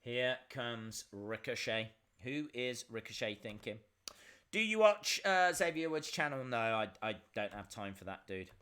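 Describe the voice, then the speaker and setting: A man's voice: medium pitch, lively intonation, a little slow, bright, forceful tone, smooth. A man hosting a live reaction stream, chatting and answering viewer questions as they come in.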